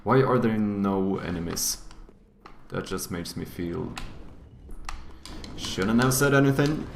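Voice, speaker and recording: A man chatting casually on a live stream while working on and playing a game, breaking into profane, excitable outbursts between calmer stretches. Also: fairly low pitch, slow, gravelly, pauses often, slight background noise.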